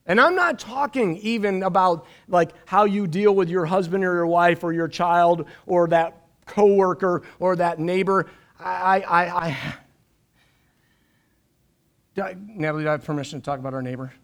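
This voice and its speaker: A middle-aged man preaching a live-streamed sermon from a church stage, animated, with jokey asides and repeated words. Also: high voice, normal speed. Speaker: pastor.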